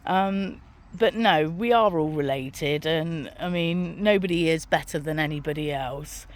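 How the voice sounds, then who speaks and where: A woman's voice: sits low, measured pace. A middle-aged woman, talking frankly and casually to camera while walking outdoors on her farm, swearing now and then and laughing at her own jokes. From Britain. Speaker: author and vlog host. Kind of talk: casual walking vlog monologue.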